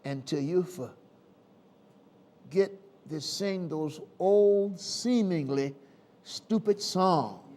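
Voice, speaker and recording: Southern male preacher, high and animated, slow deliberate sermon cadence with sudden loud calls. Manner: call-and-response preaching with sudden loud and soft swings.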